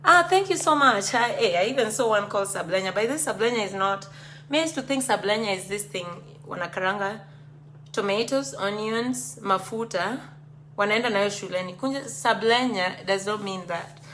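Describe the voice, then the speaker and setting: A woman with a Kenyan accent hosts a casual live video, chatting with viewers, reading out their comments and mixing Swahili phrases into her English. Her mid-range voice is expressive and a bit bright at normal speed, with a little hiss or hum.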